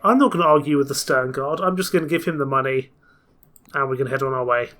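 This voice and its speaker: A man's voice: medium pitch, fast talker, fairly bright tone, faint music behind. A man casually commenting on a story game and reading its text aloud in a chatty, rambling way. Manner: chatty, rambling, self-correcting. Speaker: let's play host.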